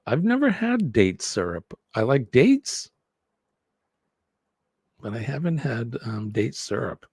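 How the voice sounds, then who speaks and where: A man's voice: mid-range voice, dry recording, studio quality. A man from New Hampshire with a New England accent, hosting a live show in a jokey, chatty way and laughing often. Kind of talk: casual live-stream chat.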